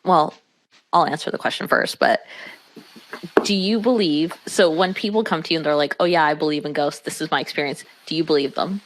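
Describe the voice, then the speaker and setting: A woman's voice: low-pitched, steady tone, fairly quick, a little hiss or hum, rough recording. A woman chatting casually on a podcast, skeptically questioning others. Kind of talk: casual chat.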